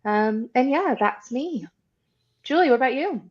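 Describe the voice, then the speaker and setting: A woman's voice: high voice, expressive, a little slow, a little mellow, dull audio. A woman with a rural Canadian accent, a recruitment consultant, chatting on a video-call panel in a friendly, self-deprecating way. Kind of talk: casual panel chat.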